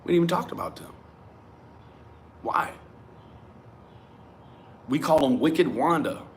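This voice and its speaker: A man giving a profane, animated rant to his viewers. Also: a little high, slow, a little hiss or hum. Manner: animated, swearing, talks straight at viewers. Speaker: commentary vlogger. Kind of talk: profane ranting commentary.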